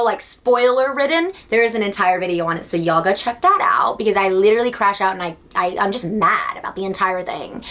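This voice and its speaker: A young woman chatting to camera about books she loves, gushing and dramatic with animated outbursts. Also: mid-range voice, fairly quick, few pauses, a little hiss or hum. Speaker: book vlogger. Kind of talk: casual chat to camera.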